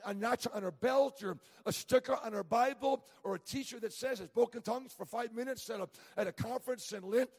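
A man's voice: extremely high pitch, breathy edge. A middle-aged man preaching a sermon as a traveling evangelist, telling stories with humor and stumbling through frequent restarts. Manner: storytelling with humor, many stammered restarts. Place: church sanctuary. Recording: long church reverb.

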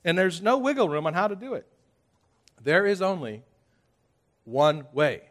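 A man preaching a sermon, getting the congregation to repeat phrases and telling stories with playful exaggeration. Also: fairly high pitch. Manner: lively preaching, audience call-and-response, playful exaggeration. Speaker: pastor.

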